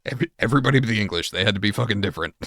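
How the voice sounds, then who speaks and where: A man's voice: lowish voice, expressive, very fast, creaky, a bit bright, no echo. A man chatting casually on a live stream, reading chat aloud and answering with swearing and laughter.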